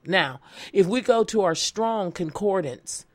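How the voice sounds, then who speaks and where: A woman's voice: lowish voice, animated, slow pace, no echo. A woman pastor preaching a sermon and reading scripture, earnest and emphatic, repeating key phrases. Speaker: pastor and evangelist.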